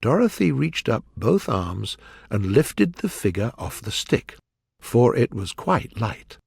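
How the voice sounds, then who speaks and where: Man, audiobook narrator, clear and measured, lively pitch, dry close sound. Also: no echo. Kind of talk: storybook narration for learners.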